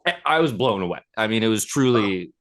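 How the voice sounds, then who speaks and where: A man's voice: on the low side, lively intonation, a little fast, fairly bright tone. A man in his thirties, a podcast co-host, chatting casually and telling a story with enthusiasm and lots of fillers. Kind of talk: casual chat.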